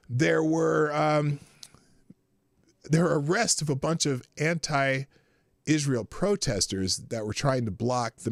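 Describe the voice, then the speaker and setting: A man's voice: mid-range voice, dry recording, clean studio sound. A man hosting a live stream in a casual chatty way, reading articles aloud and laughing often. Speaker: live show host.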